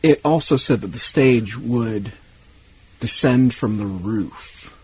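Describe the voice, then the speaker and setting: A man's voice: mid-range voice, takes it slowly, a little mellow, breathy edge, low-quality recording. Dry-witted man adding trivia asides. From Tampa, Florida. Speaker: podcast co-host. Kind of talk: casual movie-discussion chat.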